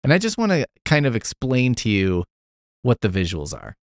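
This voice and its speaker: A man's voice: mid-range voice, no echo, clean studio sound. A man hosting a podcast, recapping an old TV episode in a casual, joking way, swearing and acting out the characters. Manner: animated storytelling, swearing, quick character voices. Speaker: podcast host.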